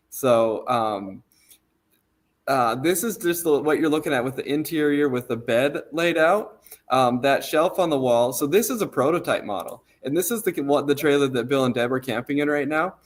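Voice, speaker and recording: A man of middle pitch talks through a set of photos in an easygoing, loose way. He rambles, stops and restarts his sentences, and fills the gaps with ums. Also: moderate pace. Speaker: trailer company representative. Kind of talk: casual walkthrough of photos.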